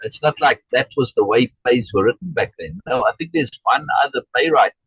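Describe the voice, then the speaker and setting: A man's voice: mid-range voice, huge pitch swings, fairly quick, creaky, fairly bright tone, breathy edge, no echo, muffled recording. A man leading an online Shakespeare reading group and explaining in casual chat, restarting often and checking in with "right?" as he reads out chat comments. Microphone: video call.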